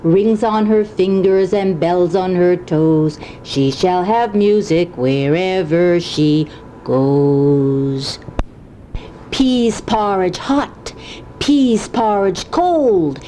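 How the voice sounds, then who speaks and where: An older woman recites nursery rhymes as a grandmother would for a small child. Her voice is soft and mellow and rises and falls in a sing-song lilt. She reads slowly and carefully. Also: mid-range voice, a little hiss or hum.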